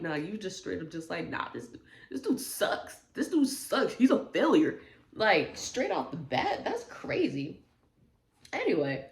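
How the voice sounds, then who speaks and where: A woman's voice: fairly low pitch, creaky, darkish tone. A woman hosting a storytime channel, reading Reddit posts aloud and breaking in with emphatic, slangy asides to viewers. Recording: roomy echo.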